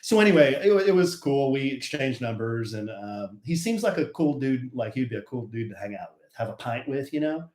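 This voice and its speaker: Man, middle-aged, casual podcast chat, lively storytelling, echoey room. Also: medium pitch, a little fast, few pauses. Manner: laid-back storytelling, animated. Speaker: podcast co-host. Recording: roomy echo.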